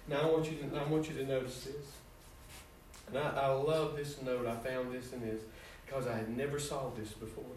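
A man preaching a sermon, sprinkling in "amen" and building to a pleading, fervent pitch. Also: little pitch movement, brisk, darkish tone. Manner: rising to high, pleading fervor with frequent "amen". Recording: echoey distant room sound.

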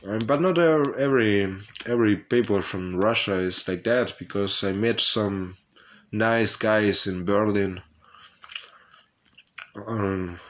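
Slow, low-voiced man rambling candidly. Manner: hesitant and profane, with frequent laughs and fillers. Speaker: vlogger telling his life story. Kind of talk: rambling personal monologue.

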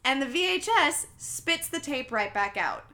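Bright-voiced chatty woman. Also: high voice, animated, unhurried. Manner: chatty, many "like" fillers. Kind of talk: casual recap of a film.

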